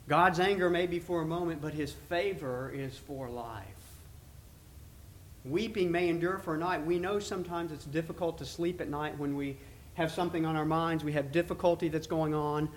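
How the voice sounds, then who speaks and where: Man preaching, slow emphatic scripture reading. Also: fairly high pitch, slight background noise. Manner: reads scripture slowly and emphatically. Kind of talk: sermon.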